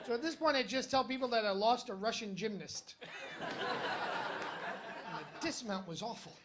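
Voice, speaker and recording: A male comedian works a comedy club crowd with wry, conversational stories and punchy jokes, speaking at a normal speed in a high voice. Crowd noise from the live audience can be heard.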